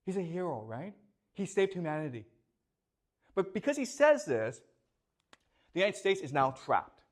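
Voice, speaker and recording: Man lecturing students, lively pitch, slightly high voice, keeps asking if they understand. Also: moderate pace. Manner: repeats questions to students, checks understanding often. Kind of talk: classroom lecture. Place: classroom.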